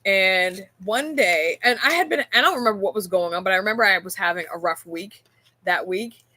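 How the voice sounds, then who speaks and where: A woman's voice: mid-range voice, a little fast, bright, forceful tone, dry recording. A woman hosting a casual faith-based talk, speaking earnestly and telling stories with frequent rhetorical questions. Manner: earnest, storytelling, rhetorical "right?". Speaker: podcast host. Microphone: on camera.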